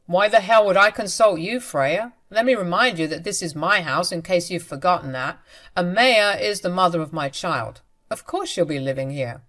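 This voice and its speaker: A woman's voice: on the low side, moderate pace, a bit bright. A woman voicing an angry, controlling husband who speaks in a harsh, commanding way in a storytelling reading.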